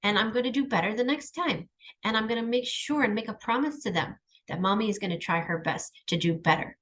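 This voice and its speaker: A woman's voice: on the high side, expressive, fairly quick, fairly bright tone. A middle-aged woman speaking in a heartfelt personal monologue, earnest and emphatic, reflecting on her own struggles. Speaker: channel host.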